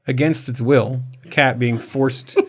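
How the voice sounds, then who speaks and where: A man's voice: medium pitch, fairly even intonation, a little slow. A man hosting a podcast in casual comedic chat, rambling and laughing as he tells a story. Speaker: podcast host.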